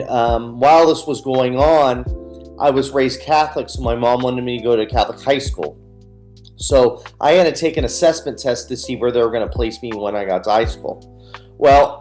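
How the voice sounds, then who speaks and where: A man's voice: mid-range voice, darkish tone. A man, a guest on a radio interview, candidly telling his personal story and replaying scenes. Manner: earnest, candid, retells scenes with quoted dialogue.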